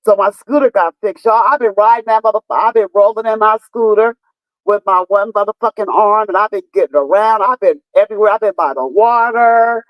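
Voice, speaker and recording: A woman's voice: mid-range voice, brisk, no room sound, highs cut off. Woman in her fifties, casual live-stream chat, profane and emphatic, dry close sound. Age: 50s. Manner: profane, emphatic storytelling, talks to viewers.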